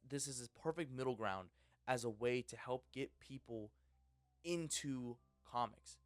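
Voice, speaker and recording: Rambling, excitable young man ranting. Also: mid-range voice, no echo, clean studio sound. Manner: rambling, excitable, frequent restarts. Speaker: channel host. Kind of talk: casual ranting vlog.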